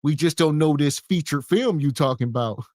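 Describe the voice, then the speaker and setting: A man's voice: a little high, moderate pace, darkish tone, dry recording, clean studio sound. A man co-hosting a podcast, making wry, sarcastic jokes in reaction commentary. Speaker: podcast co-host.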